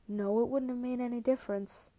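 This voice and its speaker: A woman's voice: a little high, steady tone, brisk, dark tone, lightly acted. A woman voicing a tender, determined young man in a read-aloud story, with little change from her own voice. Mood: earnest.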